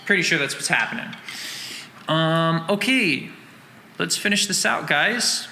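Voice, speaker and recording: A man's voice: a little high, animated, a little slow, vocal fry, noisy background. A man teaching a drum lesson, breaking down snare rhythms and counting and singing the beats aloud in syllables while explaining with casual fillers. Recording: roomy echo with long reverb, loud drum music behind. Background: drum line music.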